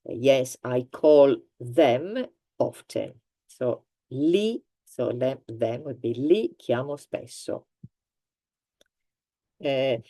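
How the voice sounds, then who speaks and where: A woman with an Italian accent teaching a grammar lesson, explaining slowly with example sentences and laughing now and then. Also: very deep voice, mellow. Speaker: language teacher.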